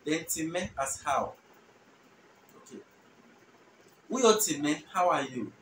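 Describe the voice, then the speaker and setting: A Ghanaian man teaching a language lesson, repeating each phrase slowly and translating it patiently. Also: fairly high pitch, animated, a bit bright. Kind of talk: relaxed spoken language lesson. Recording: roomy, distant mic with faint noise.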